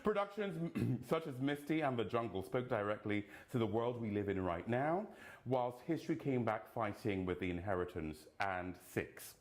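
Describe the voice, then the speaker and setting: Reading nominations for an award in a deliberate way, a man punctuates the list with playful, camp jokes. His voice is mid-range and animated.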